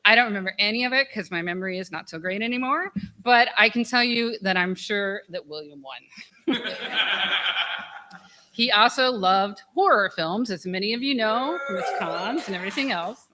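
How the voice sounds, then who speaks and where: A woman's voice: mid-range voice, animated, normal speed, pushed and bright. A woman giving a memorial speech, telling funny stories, laughing often and swearing candidly. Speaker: eulogy speaker. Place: memorial gathering.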